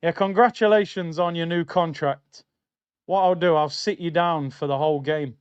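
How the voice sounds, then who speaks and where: A young man calls a live football match for his stream viewers, excitable and full of slang. His voice sits high for a man. The audio is dry and a little muffled, like a home streaming setup. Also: moderate pace, clear, resonant tone, no room sound. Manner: excitable, slangy, shouts at big moments. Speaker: football watchalong host. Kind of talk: live football watchalong commentary. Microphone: streaming mic.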